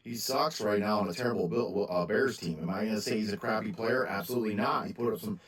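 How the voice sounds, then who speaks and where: Tired guy with a deep low voice just rambling about his card collecting, lots of ums. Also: fast, fairly bright tone, husky, rough recording. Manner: rambling, frequent ums and restarts, candid. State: tired, yawning. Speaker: sports card seller and channel host. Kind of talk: casual monologue to camera.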